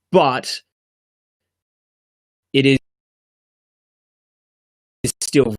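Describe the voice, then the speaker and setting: A man's voice: a little high, a bit bright. A man co-hosting a podcast, reviewing a TV series in casual chat, earnest and emphatic, with frequent fillers and restarts.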